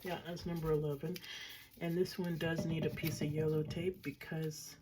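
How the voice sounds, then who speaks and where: A woman's voice: low-pitched, flat delivery, normal speed, over music. An older woman casually chatting through her washi tape collection, thinking aloud with dry, self-mocking remarks. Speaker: craft vlogger. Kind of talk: casual crafting show-and-tell.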